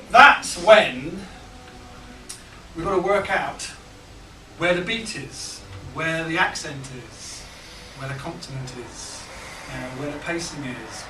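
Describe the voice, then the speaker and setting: A man teaching a small group, relaxed and halting, full of ums and restarts. His voice sits high and is caught from a distance. A roomy echo and steady background noise hang around him. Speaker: songwriting workshop leader. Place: large hall with a small group. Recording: echoey room, picked up from afar, noisy.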